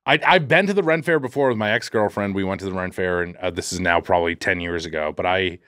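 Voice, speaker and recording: A man's voice: deep voice, quick pace, fairly bright tone, clean tone, no echo, clean studio sound. A man co-hosting a podcast, chatting casually, joking and swearing as he riffs. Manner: joking, profane, riffing. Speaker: podcast co-host. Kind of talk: casual chat.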